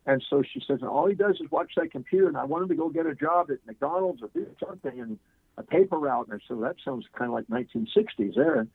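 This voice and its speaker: A man's voice: fairly high pitch, quick pace, vocal fry, slightly rough, dry recording, phone-quality sound. A man telling a story as a guest on a radio interview show, acting out the voices of the people in it. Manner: animated anecdote teller, acts out quoted voices. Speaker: guest speaker.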